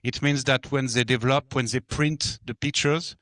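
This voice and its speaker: A man presenting a photographer's exhibition, halting and using many fillers. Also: medium pitch, steady tone, sharp tone, dry recording. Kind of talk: exhibition guide talk.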